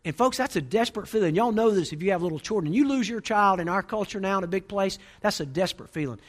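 A man's voice: high voice, lively intonation, fast talker. A man preaching a sermon in an emphatic, rousing way with rhythmic repetition.

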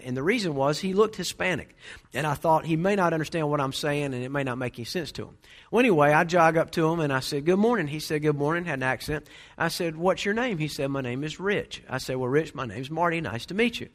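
A man's voice: on the high side, fairly bright tone. A middle-aged man preaching a sermon, telling folksy stories and acting out the dialogue. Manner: folksy storyteller, acts out dialogue. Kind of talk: sermon with anecdotes.

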